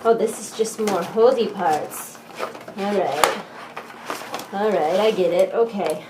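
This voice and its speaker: A woman's voice: medium pitch, slow pace. A young woman hosting an unboxing video, giddy and jokey, chattering to herself as she works the packaging open. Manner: giddy, jokey, talks to herself while fiddling with the box. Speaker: unboxing vlogger. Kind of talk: excited casual unboxing talk. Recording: echoey room, faint background hiss.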